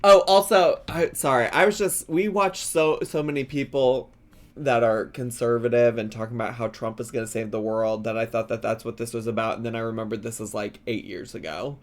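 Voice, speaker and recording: A man hosting a reaction video, giving casual, playful commentary with frequent giggles and drawn-out asides. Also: medium pitch, steady tone.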